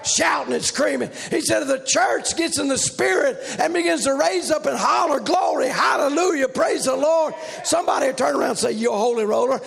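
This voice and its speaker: A man preaching a revival sermon, his voice sitting unusually high and heavily gravelly. He swings into loud shouted runs with a driving preaching cadence.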